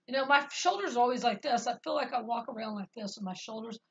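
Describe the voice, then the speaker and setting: Bright-voiced woman vlogging, earnest and rambling. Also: fairly high pitch, fast talker, highs cut off. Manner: earnest and rambling, many fillers. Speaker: vlogger sharing spiritual experiences. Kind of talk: casual spoken testimony.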